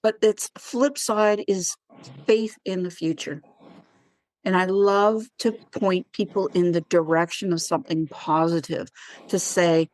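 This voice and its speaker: A wellness practitioner with a fairly low voice speaks at a measured pace in an echo-free recording. During a conversational interview she relates her stories animatedly, acting out the exchanges they contain.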